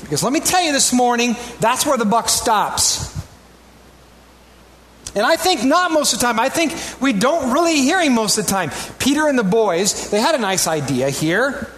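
A man preaching a sermon as a pastor, animated and rising to emphatic peaks, with conversational asides to the congregation. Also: very high-pitched, moderate pace, a little hiss or hum.

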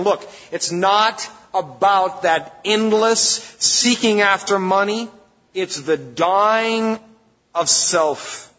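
A husky, fairly high-pitched man preaches as pastor, conversational but emphatic, with sudden lifts in force. The recording is dull and lo-fi. It carries a long reverb from a church sanctuary. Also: fairly bright tone. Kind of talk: sermon.

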